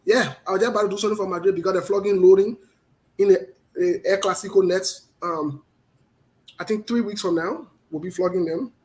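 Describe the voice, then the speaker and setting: Guy hosting a live talk show, kinda high voice, blunt and fired up. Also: a little fast, low-quality recording. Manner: passionate, forceful, blunt. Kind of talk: live online talk show, greeting viewers.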